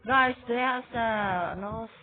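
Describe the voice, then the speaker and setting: Slow-talking woman on a tinny noisy mic. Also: a little high, a crowd in the background. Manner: loud, jumpy, frequent scared shrieks and exclamations. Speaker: gamer. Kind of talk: excited let's-play commentary.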